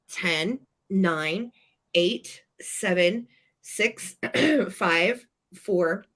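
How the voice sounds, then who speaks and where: A woman hosting a live vintage sale stream, chatting enthusiastically as she pitches each item. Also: a bit bright. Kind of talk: live-stream sales chat.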